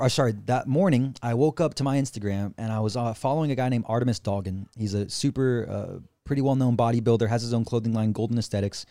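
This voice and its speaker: A man on a podcast as a guest, telling a story in an animated, excitable, casual way, full of slang and swearing. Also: mid-range voice, no echo, studio quality.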